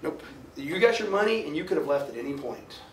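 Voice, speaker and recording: This man's voice is on the high side and sing-song, moving briskly, with a slight hiss or hum in the audio. He gives a jokey, conversational lecture and quizzes his class, recorded from far off in an echoey lecture hall.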